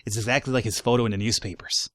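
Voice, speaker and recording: A man's voice: lowish voice, steady tone, very fast, fairly bright tone, dry recording, clean studio sound. A man giving casual gameplay commentary, reading in-game reports aloud between wry, sarcastic asides. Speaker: let's play gamer.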